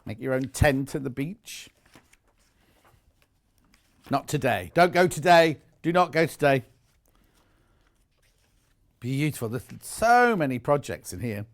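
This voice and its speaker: A man's voice: fairly high pitch, big pitch swings, a little slow, pauses often. A middle-aged man presenting products live on a home shopping channel, chatty, enthusiastic and jokey about himself.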